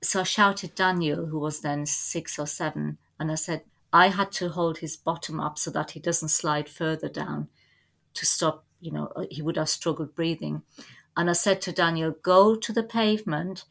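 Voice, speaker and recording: A middle-aged woman telling family stories as a podcast guest, in a lively anecdotal way. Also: sits low, moderate pace, gravelly. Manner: lively anecdotal storytelling with laughs. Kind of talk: storytelling in a podcast interview.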